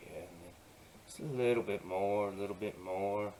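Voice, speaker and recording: Man, lowish voice, gentle painting tutorial narration, murmurs, faint background hiss. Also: fairly even intonation, fairly quick, low-quality recording. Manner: soft, gentle and easygoing, often dropping to a murmur; playful asides while working. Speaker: digital artist.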